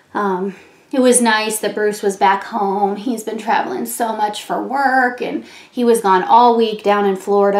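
A woman's voice: mid-range voice, darkish tone. A middle-aged woman chatting casually while doing her makeup, telling stories with plenty of fillers and frequent laughs. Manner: chatty storytelling, laughs often, many fillers. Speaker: beauty vlogger. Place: room at home. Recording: echoey home room.

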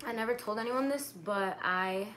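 A woman's voice: mid-range voice, normal speed, a bit bright, slight background noise. A young woman casually chatting with viewers on a livestream, answering their questions. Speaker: livestream host.

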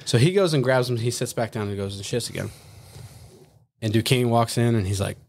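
A man who is a former Marine, spinning crude boot camp stories on a podcast. His speaking voice sits at an ordinary middle pitch. His delivery is profane and animated. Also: fairly quick, vocal fry. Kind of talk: casual podcast chat.

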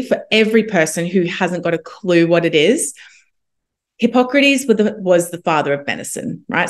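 A young woman, a homeopath guest, telling a personal story in a casual, animated way and acting out what others said. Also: fairly low pitch. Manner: animated, quotes others in lively asides.

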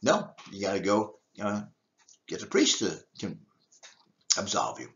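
A man's voice: on the low side, huge pitch swings, unhurried, lo-fi sound, slight background noise. An older man, a deacon, giving an emphatic teaching talk with rhetorical questions. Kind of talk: teaching talk on church history.

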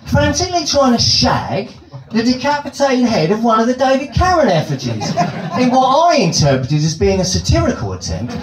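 British stand-up guy spinning a wordy ironic ramble, high voice that jumps all over, roomy club echo. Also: huge pitch swings, fairly quick, a faint crowd. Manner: wordy, ironic, elaborate phrasing. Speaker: stand-up comedian. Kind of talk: stand-up comedy storytelling.

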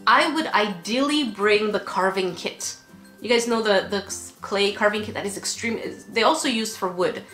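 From bed in her bedroom, a sick, tired young woman chats emotionally into her vlog, laughing a lot. Her mid-range voice is slightly bright and moves at normal speed, while the room echoes and faint music plays.

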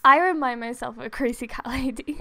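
A young woman doing excited gameplay commentary, gasping, laughing and gushing near tears into a desktop microphone at home. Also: high voice, a little fast, a little hiss or hum. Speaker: gaming vlogger. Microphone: desktop USB microphone.

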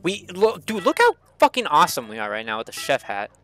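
A young man giving excitable, swearing commentary while playing a kart racing game, often jumping up into high yelps. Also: brisk, soft background music. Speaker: gaming channel host. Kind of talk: let's play commentary.

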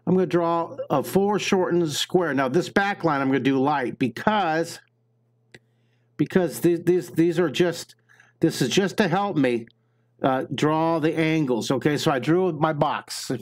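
A man giving a live drawing lesson, chatting with and greeting viewers while he talks through each step. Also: fairly high pitch. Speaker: drawing teacher.

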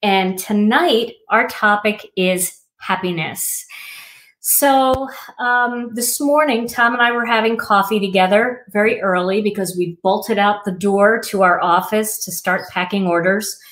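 A woman's voice: mid-range voice, unhurried, fairly bright tone. A middle-aged woman hosting a crafting livestream, talking casually and reflectively with many fillers. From Wisconsin.

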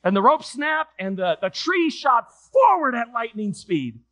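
A male pastor preaches in a church, spinning an animated story for his congregation. His voice is high-pitched, bright and forward. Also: a little slow. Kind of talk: sermon. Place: church sanctuary.

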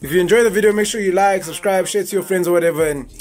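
A man's voice: high voice, racing, darkish tone, faint music behind. A young man, chatting casually as a comedy YouTuber introducing his video. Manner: laid-back, chatty, slangy greetings.

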